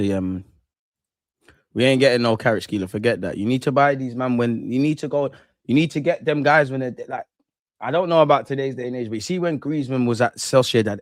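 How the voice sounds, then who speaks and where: A mid-range male voice in a dry recording belongs to a young football watch-along streamer. He chats with his audience and rants in slang while casually commentating the game live.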